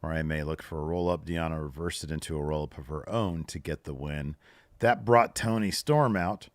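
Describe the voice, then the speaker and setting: A man's voice: a bass voice, moderate pace, dry recording. A man co-hosting a podcast, recapping a show in casual chat and animatedly acting out what people said. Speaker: podcast co-host.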